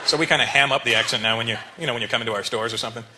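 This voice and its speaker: A man's voice: medium pitch, very fast, background noise. A male stand-up comedian speaking to a live audience in a teasing, conversational way. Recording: live show with loud crowd laughter.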